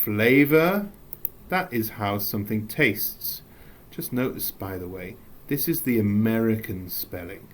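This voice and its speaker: A man from England with an English accent, teaching a recorded English lesson, reading slowly and adding playful asides. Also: fairly low pitch, animated, a little hiss or hum.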